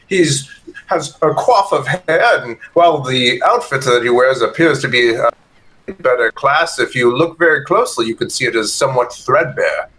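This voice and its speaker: A man's voice: mid-range voice, expressive, normal speed, bright, forceful tone, poor audio. A man playing a tabletop game, describing his character with hesitant, filler-heavy speech. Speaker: player.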